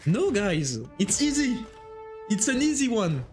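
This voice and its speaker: A man giving live esports commentary, excitable and joking as he jumps between calling the play and chatting with viewers. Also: very high voice, normal speed, soft background music. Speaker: esports caster.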